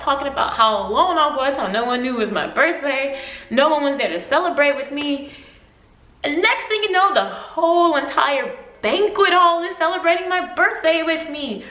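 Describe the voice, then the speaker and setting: A woman in her twenties telling a story for her vlog, animated and emotional, often laughing. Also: high-pitched, echoey room, low-quality recording. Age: 20s.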